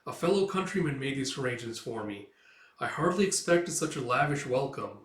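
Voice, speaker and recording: A man's voice: medium pitch, lively intonation, a little fast, a bit bright, close to an everyday voice. A man voicing a polite, curious traveler who speaks in a formal, mannered way. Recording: roomy echo, mic far off.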